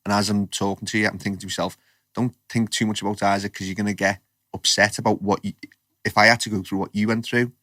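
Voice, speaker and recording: A man's voice: on the low side, little pitch movement, fast, bright, forceful tone, no room sound, studio quality. A man hosting a podcast interview, chatty and rambling, often restarting his sentences. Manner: chatty, rambling, self-correcting. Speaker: podcast host. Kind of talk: casual interview chat.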